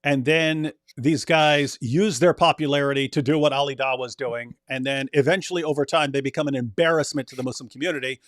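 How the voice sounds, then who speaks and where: A man co-hosting a podcast in casual chat, talking in animated repeated bursts. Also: mid-range voice, a little fast, hardly any pauses, no echo, studio quality. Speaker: podcast co-host.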